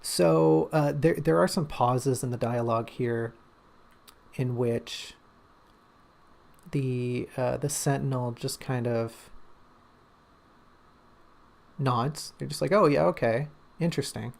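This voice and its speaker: Guy rambling thru his draft notes on stream, gravelly creaky voice, lots of ums. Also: medium pitch, fairly even intonation, takes it slowly, a little mellow. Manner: thinking aloud, many fillers and restarts. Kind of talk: casual livestream talk.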